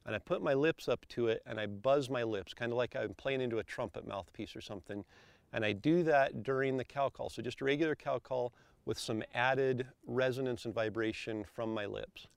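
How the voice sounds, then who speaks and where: Gravelly man explaining elk calls. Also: mid-range voice, a little fast, no echo. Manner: calm, methodical, explains step by step. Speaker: elk calling instructor. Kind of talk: instructional explanation.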